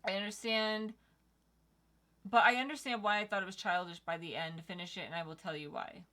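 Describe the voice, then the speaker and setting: A young woman on a casual livestream with a bright, forward voice. She chats easily and reads out comments from viewers between remarks. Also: mid-range voice, steady tone, brisk. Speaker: livestream co-host reading chat.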